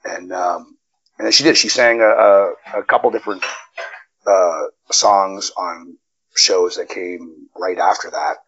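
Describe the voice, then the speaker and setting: A man guest on a wrestling interview, telling stories in a casual, profane and animated way, his pitch jumping up when he gets excited. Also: a little slow, breathy edge, dull audio. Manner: animated, profane storytelling with sudden jumps in pitch. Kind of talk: casual storytelling chat. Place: Nevada.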